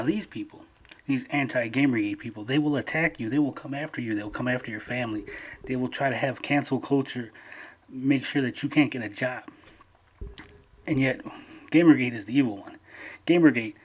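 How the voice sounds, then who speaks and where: A man's voice: medium pitch, brisk, husky. A man YouTuber delivering a heated, profane rant to his channel. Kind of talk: angry rant.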